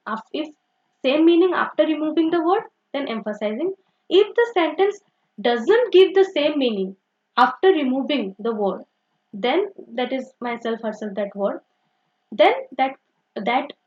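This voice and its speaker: A woman's voice: high-pitched, a little mellow. A young woman teaching grammar, explaining step by step and often saying "okay" and "so" as she corrects herself. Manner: repetitive, uses "okay" and "so" often, self-correcting. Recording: dull lo-fi recording.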